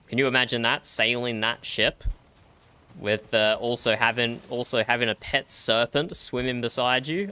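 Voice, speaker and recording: A man's voice: medium pitch, steady tone, normal speed, bright, forceful tone, clean tone. An Australian man chatting casually during an online roleplay game, laughing often and repeating his own phrases. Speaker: roleplay streamer.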